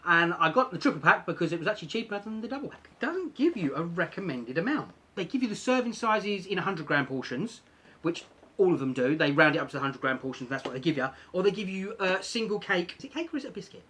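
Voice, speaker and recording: A man's voice: high-pitched, lively intonation, fast talker, pushed and bright, a little hiss or hum. A man talking casually in a vlog, chatty and self-deprecating, repeating points for emphasis. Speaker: vlogger.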